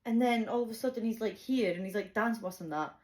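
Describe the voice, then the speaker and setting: A young woman telling a chaotic personal story, animated and swearing freely, laughing often. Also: on the high side, fast talker. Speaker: vlogger. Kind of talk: casual storytime.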